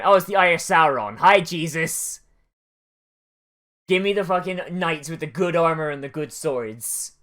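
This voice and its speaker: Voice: medium pitch, a little slow, fairly bright tone. An anime watch-along host giving casual, profane commentary that wanders into long tangents. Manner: profane, rambling and tangential storytelling.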